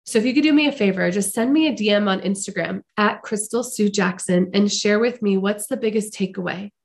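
A middle-aged woman hosting a podcast, speaking slowly and earnestly in a heartfelt, reflective motivational monologue. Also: medium pitch, gravelly. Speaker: podcast host.

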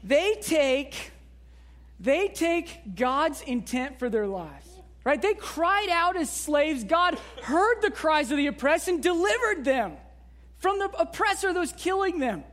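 A woman's voice: high-pitched, big pitch swings, takes it slowly. A woman pastor giving a sermon in a conversational way, with frequent rhetorical asides to the congregation.

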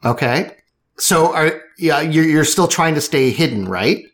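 A man's voice: a little high, expressive, a little slow, fairly bright tone. A man narrating as game master, rambling with many fillers.

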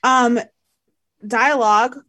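A woman's voice: fairly high pitch, fairly even intonation, slow, sharp tone. A woman co-hosting a movie podcast in casual chat, playful and giggly as she reads out names. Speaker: podcast co-host.

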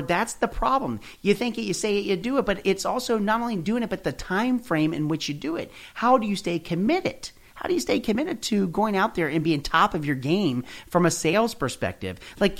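A man hosting a podcast, giving a casual motivational talk and telling stories with quick acted quotes. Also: a little high, fairly bright tone. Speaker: podcast host.

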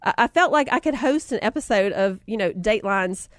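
A woman's voice: medium pitch, animated, fairly quick, no room sound, studio quality. A woman with a Southern US accent gives a casual motivational talk, telling stories animatedly, laughing often and calling her listeners y'all. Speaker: speaker sharing life lessons.

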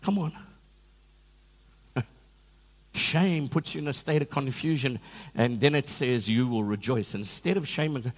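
Animated man preaching in a hall. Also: mid-range voice, a little slow, pauses often. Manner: animated storytelling with self-deprecating humor. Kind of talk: sermon. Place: church hall.

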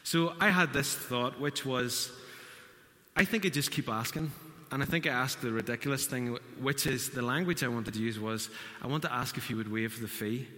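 Speaking at a moderate pace, this pastor's medium-pitched voice comes across as bright and forceful, echoing with church hall reverb. His sermon unfolds as a story, with the quotes performed aloud.

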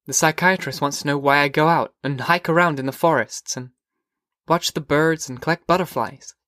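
A man voicing a curious, whimsical teenage girl in an audiobook, with lilting, eager questions that come in quick bursts. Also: a little high, bright, forceful tone, no echo, studio quality. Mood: wondering. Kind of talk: audiobook character voice.

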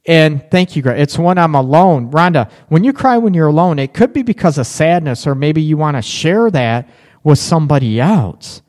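A man's voice: on the high side, expressive, moderate pace, a little mellow. A middle-aged man hosting a live relationship advice show, chatting casually and reading out viewer comments. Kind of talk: live call-in advice talk.

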